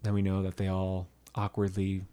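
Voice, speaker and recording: A man co-hosting a faith-based podcast, telling a scripture story in a relaxed, animated way and acting out the voices in it. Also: sits low, normal speed, clean tone. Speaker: podcast co-host. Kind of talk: casual faith-based chat.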